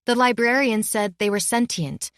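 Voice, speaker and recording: A woman performs a young female student who is earnest and indignant, defiant while scared. Her voice is a little high, pitched above her own yet close to everyday speech, at a moderate pace in a dry, clean studio recording.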